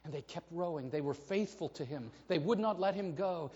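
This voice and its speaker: A man preaching a sermon to his congregation, telling a story with animated delivery and acting out the voices in it. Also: fairly high pitch, normal speed, few pauses. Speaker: pastor. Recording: reverberant hall, dull lo-fi sound.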